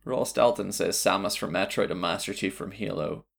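A man's voice: low-pitched, normal speed, creaky, breathy edge. A man hosting a podcast, chatting casually and playfully while reading out listener suggestions. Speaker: podcast host. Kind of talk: casual chat.

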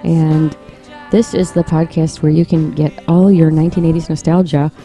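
An American woman co-hosts a podcast, blunt and teasing, quick with a dry remark. Her tone is mellow and dark, with faint music playing underneath. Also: low voice, level tone. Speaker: podcast co-host. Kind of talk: casual chat.

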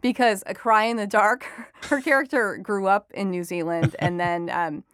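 At normal speed and with fairly even intonation, she chats through her interview answers in a medium-pitched, fairly bright voice. As an entertainment reporter and author she laughs often and says um a lot, and the close mic has no echo.

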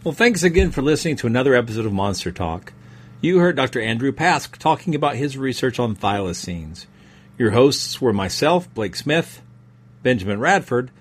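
Guy reading the podcast outro, husky voice, bouncy lively delivery, little dry jokes. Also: medium pitch. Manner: friendly, wry. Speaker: podcast host. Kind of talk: scripted outro.

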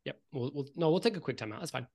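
A man narrating a tabletop game as dungeon master, his voice a bit high. He talks in a relaxed way, with fillers and pauses between phrases. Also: creaky.

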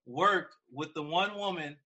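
A man's voice: a little high, measured pace, sharp tone, lo-fi sound. A man in casual political chat, telling points as stories with a sarcastic edge. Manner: storytelling, sarcastic.

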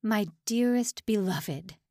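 A woman's voice: medium pitch, expressive, slow pace, dark tone, no room sound. A cruel male prison camp officer in a grim audiobook, put on by a woman narrator. He snarls and mocks his captives with open contempt. The read is close and dry, with no room sound. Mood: mocking.

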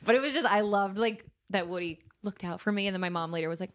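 A woman's voice: mid-range voice, fast, hardly any pauses. A young woman guesting on a podcast, telling a story in casual chat and acting out the voices of the people in it. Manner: animated, acts out quoted voices.

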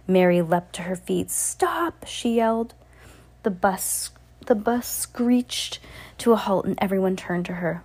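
A woman's voice: mid-range voice, unhurried, darkish tone. A woman hosting a kids' reading podcast, reading a storybook aloud with playful asides to a child. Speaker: podcast host reading to kids.

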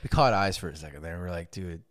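A young man co-hosting a podcast, talking in crude, rowdy banter and laughing and shouting often. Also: sits low, lively intonation, fast. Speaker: podcast co-host.

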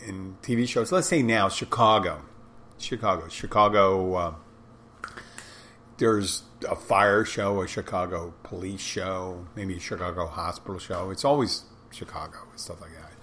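This podcast host talks solo in a loose, rambling way, regularly stopping to correct himself partway through sentences. His deep voice is unhurried and fairly bright, with a little hiss or hum in the recording.

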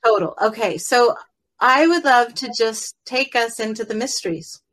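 A woman teacher leading a guided meditation in a gentle, rambling way, often adding "right?" and slowing down and softening as she guides the breathing. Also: on the high side. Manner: rambling, with many fillers and tag "right?".

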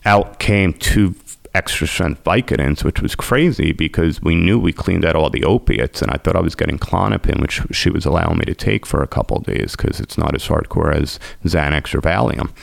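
Telling the emotional story of his recovery, a man quotes the people he met, sounding earnest and intense. His voice is very deep and gravelly, he talks at normal speed with few pauses, and there's no echo.

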